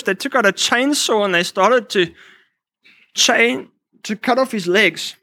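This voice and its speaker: A man's voice: high voice, sharp tone, no room sound. A man preaching a sermon, telling personal stories and quoting scripture, with frequent restarts and fillers.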